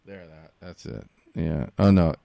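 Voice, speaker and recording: A man co-hosts a podcast in casual chat, laid-back and amused. His voice is deep with a gravelly edge, and his pitch swings widely. The sound is dry and close. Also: unhurried, warm tone, no echo, lo-fi sound. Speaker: podcast co-host.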